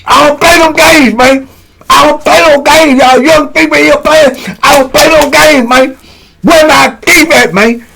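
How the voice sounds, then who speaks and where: A man voicing a furious toothless old prisoner who shouts with mushy, gummed words. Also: very high-pitched, fairly even intonation, racing, vocal fry, few pauses, noisy background, voice pushed up. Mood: furious shouting.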